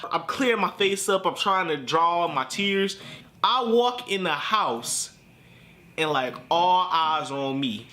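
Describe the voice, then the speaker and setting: A young man tells a storytime vlog story in an animated, slangy, self-mocking way. His voice sits high and bright and swings widely. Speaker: vlog host. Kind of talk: storytime narration.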